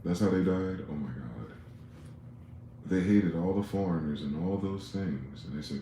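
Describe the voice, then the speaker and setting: Brief: deep, mellow-voiced man, heated sarcastic profane rant, roomy echo. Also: normal speed, a little hiss or hum. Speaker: commentary vlogger. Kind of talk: ranting political commentary.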